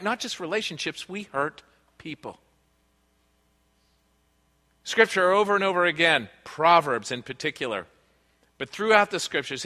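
Heard through the long reverb of a big hall, a man preaches a sermon in a slightly high, pushed and bright voice. The pastor sounds earnest and conversational, telling personal tales of family life.

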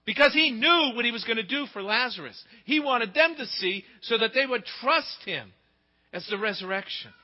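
A middle-aged man preaching a sermon, telling stories with big swings in pitch and loudness. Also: normal speed. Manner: expressive storytelling, pitch and volume swing widely. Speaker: pastor. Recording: dull sound with long hall reverb.

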